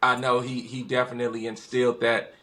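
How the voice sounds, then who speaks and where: Fairly quick and mid-range in voice, a West Los Angeles man appears as a podcast guest, telling stories casually and animatedly acting out what others said.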